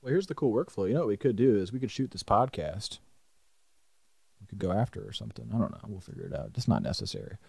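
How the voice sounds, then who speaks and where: A young man co-hosting a podcast, telling a story in a casual, animated way and swearing freely. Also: lowish voice, quick pace, creaky, husky, dry recording. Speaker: podcast co-host. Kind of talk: casual chat.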